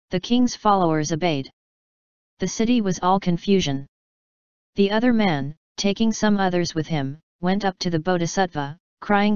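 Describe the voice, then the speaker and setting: A woman reading an old folk tale aloud in a measured, steady storytelling style. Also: on the low side, clear, resonant tone, no echo, muffled recording. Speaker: narrator. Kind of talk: scripted storybook narration.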